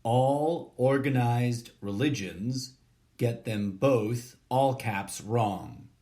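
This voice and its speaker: A man reads a short story aloud at an unhurried, drawn-out pace. His delivery is deadpan and deliberate, and he even speaks the formatting and punctuation. His voice sits at an ordinary middle pitch. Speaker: podcast host reading a short story.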